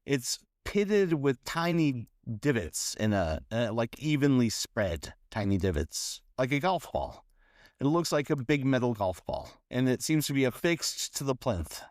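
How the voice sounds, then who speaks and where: A man's voice: mid-range voice, big pitch swings, no room sound. Guy running a tabletop game, stop-start describing, dry close sound. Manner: halting, many fillers and restarts while describing. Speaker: game master.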